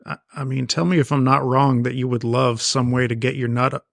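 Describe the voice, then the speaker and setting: Podcast co-host, man, mid voice, halting and sardonic, dry close mic. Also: medium pitch, flat delivery, vocal fry, no echo. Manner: stammering, dry sarcastic asides. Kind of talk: casual chat.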